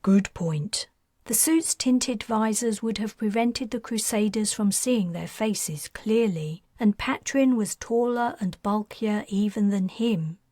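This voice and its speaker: A woman author narrating her own science fiction audiobook in a steady, even reading. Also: medium pitch, a little slow, hardly any pauses, dry recording, clean studio sound.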